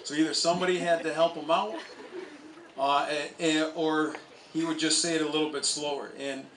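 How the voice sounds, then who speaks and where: A man's voice: fairly high pitch, fairly even intonation, normal speed, fairly bright tone, roomy sound, far from the mic, a little hiss or hum, low-quality recording. A man, a college soccer coach, telling stories at an outdoor memorial speech. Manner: anecdotal storytelling, with chuckles. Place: outdoor stadium.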